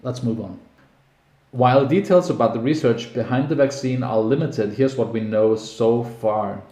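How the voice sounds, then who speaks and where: Wry male vlogger, mellow voice. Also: mid-range voice. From Denmark. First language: Danish. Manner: wry, sarcastic asides. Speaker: news commentary vlogger. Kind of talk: casual news commentary, reading articles aloud. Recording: echoey room.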